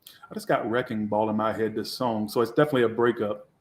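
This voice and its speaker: A man's voice: fairly low pitch, fairly even intonation, fast. A man giving a casual live tarot reading, talking in a blunt, sassy way with a lot of swearing. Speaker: tarot reader. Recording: echoey room.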